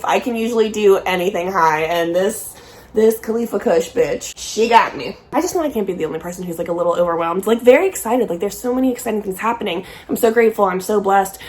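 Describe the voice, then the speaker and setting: A young woman rambles through a relaxed, casual chat. She is stoned and easily sidetracked, swearing freely and giggling. Her voice sits at an ordinary, middle pitch. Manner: high and easily distracted. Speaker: vlogger and podcast host. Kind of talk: casual chat while smoking.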